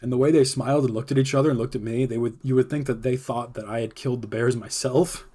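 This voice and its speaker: Mellow-voiced man telling a story. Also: mid-range voice, steady tone, fast talker. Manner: rambling, filler-heavy with frequent laughs. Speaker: podcast host. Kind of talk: casual storytelling.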